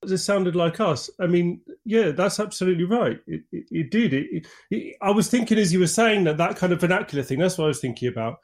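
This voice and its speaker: A man's voice: high voice, animated, fast, hardly any pauses. A man speaking as an academic guest, analytical and full of "kind of" fillers. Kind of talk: analytical discussion.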